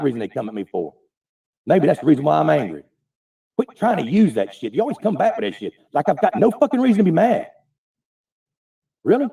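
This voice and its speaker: A man's voice: fairly high pitch, creaky, dark tone, recorded from a distance. An angry man ranting profanely in defense of himself on a livestream. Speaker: online streamer defending himself.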